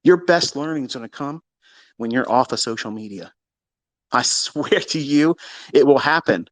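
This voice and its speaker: A man hosting a live audio room, ranting in a casual, heated way. He is profane, taunting and boastful, and he swings between loud outbursts and low mutters. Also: animated, moderate pace, dry recording.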